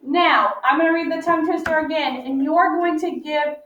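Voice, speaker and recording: A high-pitched woman teaching phonics to young children, coaxing answers with patient praise. She is heard from some distance in an echoey room, and the sound is muffled with faint background noise. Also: fairly bright tone. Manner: patient, encouraging, drawn-out sounding out.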